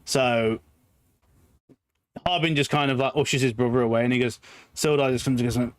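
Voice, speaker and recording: A man's voice: mid-range voice, steady tone, normal speed, pauses often, no room sound. A man running a tabletop game as game master, narrating loosely with lots of fillers and swearing. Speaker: dungeon master.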